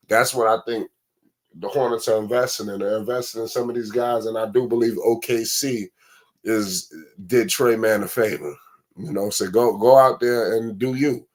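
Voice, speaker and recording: Rambling, profane man on a basketball live stream. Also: medium pitch. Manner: rambling, profane, repeats words and restarts. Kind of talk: casual live-stream chat.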